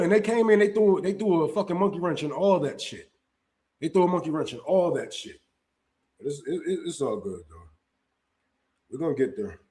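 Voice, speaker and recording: Man, high voice, livestream host, heated, profane, emphatic, restarts a lot. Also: lively intonation, normal speed, long pauses, dark tone. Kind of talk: casual opinion livestream. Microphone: streaming setup mic.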